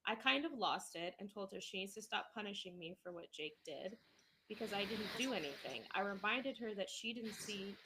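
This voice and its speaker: A young woman co-hosts a casual podcast and reads a story aloud with lively, animated delivery. Her voice sits at a middle pitch. The recording has clear background noise. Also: normal speed, low-quality recording. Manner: animated reader with laughs. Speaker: podcast co-host.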